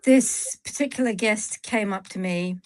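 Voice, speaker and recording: British woman telling an animated story. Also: medium pitch, a little slow, dry recording, low-quality recording. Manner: animated storytelling, acting out dialogue. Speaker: stream guest. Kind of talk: casual chat.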